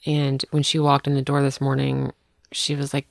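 A woman's voice: very deep voice, completely flat delivery, moderate pace, vocal fry, no room sound, studio quality. A woman co-hosting a casual chat, telling rambling, self-deprecating stories. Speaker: podcast co-host.

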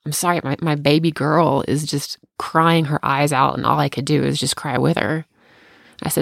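A woman speaks in casual conversation with a gravelly, fry-edged voice, recorded close and dry. She sounds tender and emotional, halting and restarting as she talks. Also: deep voice, little pitch movement, fairly bright tone, no room sound. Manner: tender, close to tears at times.

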